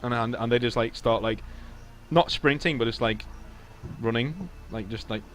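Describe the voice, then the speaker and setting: A man's voice: medium pitch, normal speed, fairly bright tone. A man running a tabletop role-playing game as game master, narrating playfully with stammering restarts.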